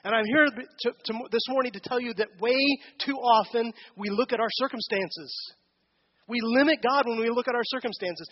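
A man's voice: extremely high pitch, moderate pace, dull audio. A man giving a conversational sermon as a pastor, asking the congregation questions during a church service.

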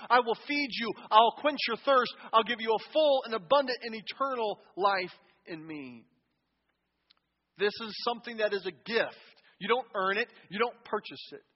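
A man preaching a sermon as pastor, emphatic and swinging between quiet passages and loud cries. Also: high-pitched. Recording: dull sound with long hall reverb.

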